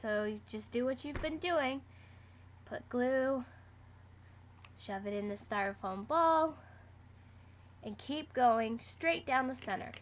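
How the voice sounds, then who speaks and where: A woman's voice: high voice, slow, long pauses. Chatty woman explaining a craft project. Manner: chatty, step-by-step instructions with fillers. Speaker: craft vlogger. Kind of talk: casual how-to tutorial.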